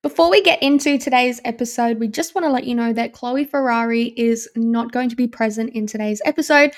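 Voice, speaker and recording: A woman's voice: a little high, fairly quick, dry recording, soft background music. Friendly young woman co-host. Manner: friendly, supportive, chatty. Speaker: podcast co-host. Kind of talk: casual chat.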